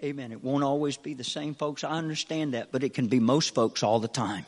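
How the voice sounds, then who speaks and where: A man preaching a Pentecostal sermon from the pulpit, repeating short call-outs to the congregation and swinging between soft talk and fervent preaching. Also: mid-range voice, brisk, long reverb tail. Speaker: pastor. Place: church sanctuary.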